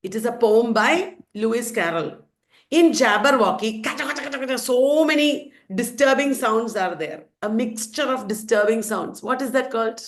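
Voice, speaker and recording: Speaking at normal speed with a fairly high, expressive voice, a woman with an Indian English accent reviews literature with her students. She teases them with questions in the revision lecture and then answers them on her own.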